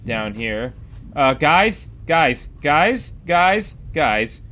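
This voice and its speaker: Goofy, animated man playing a game. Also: fairly high pitch, extremely slow. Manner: goofy, rambling, exclaiming at the game. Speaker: Let's Play gamer. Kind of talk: casual gameplay commentary.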